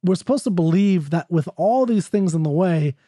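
A man lecturing on poetry in a loose, talky way, getting excited as he goes. His voice sits a bit high for a man but sounds mellow and dark. The sound is dry and close, with no room in it. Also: moderate pace, no echo. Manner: excitable, talky, reads quotes aloud. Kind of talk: off-the-cuff lecture.

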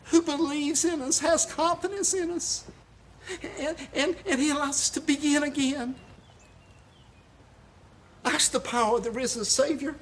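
Recorded for a church live stream, a pastor preaches with passion and emphasis, moving between rousing peaks and quiet, reverent lulls. He frequently trips into repeating words, and a faint hiss lies beneath.

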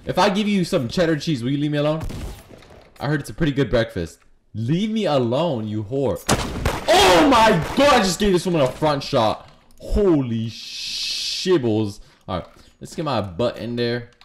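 A young man giving loud, profane, rapid-fire commentary over Roblox gameplay, trash-talking other players. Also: medium pitch, big pitch swings. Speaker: gaming YouTuber. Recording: noisy gameplay with gunfire behind.

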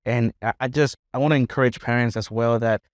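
A man's voice: medium pitch, fairly even intonation, fast, no echo. Brief: male pastor, sincere teaching manner, podcast, dry close mic. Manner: earnest, preachy encouragement. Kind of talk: casual podcast chat.

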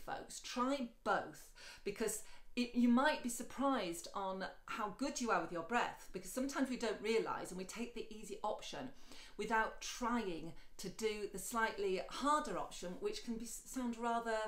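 Recorded in an echoey room, a female singing teacher speaks at a moderate pace with lively intonation. She addresses the viewer directly in a chatty, encouraging lesson, moving between talking and light, high sung demonstrations.

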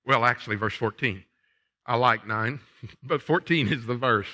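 A man preaching a sermon in a church, folksy and conversational, swinging from quiet reflection to loud punchy asides. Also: mid-range voice, normal speed. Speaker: pastor. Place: church sanctuary.

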